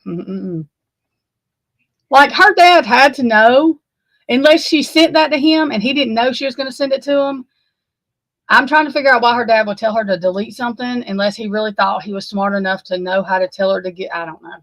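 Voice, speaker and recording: A woman's voice: a little high, normal speed, fairly bright tone, no room sound, poor audio. A woman giving unscripted true crime commentary, heated and emphatic, swearing freely and repeating herself. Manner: heated, profane, emphatic and repetitive.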